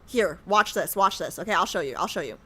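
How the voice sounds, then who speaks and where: An American woman streaming a game, chatting casually with her viewers in an animated, joking way. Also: lowish voice, brisk, slightly rough. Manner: animated, joking, talks to chat. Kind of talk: casual livestream chat.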